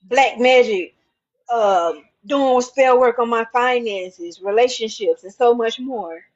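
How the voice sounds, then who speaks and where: Woman w a high voice ranting to the camera, keeps repeating herself, muffled lo-fi sound. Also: takes it slowly. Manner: repetitive, emphatic, talks straight to the viewer. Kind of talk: casual rant to camera.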